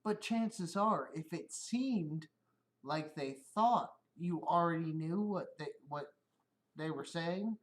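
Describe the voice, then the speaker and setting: A man's voice: a little high, slow pace. A middle-aged man on a casual livestream, rambling and swearing, often laughing at his own stories. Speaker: streamer.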